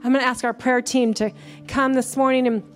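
A woman's voice: sits high, little pitch movement, brisk, soft background music. A woman pastor preaching a sermon in a church, building to fervent, emphatic calls to praise. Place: church sanctuary.

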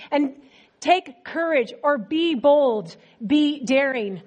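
A woman preacher giving a sermon in a conversational, animated storytelling manner. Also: high-pitched, slow.

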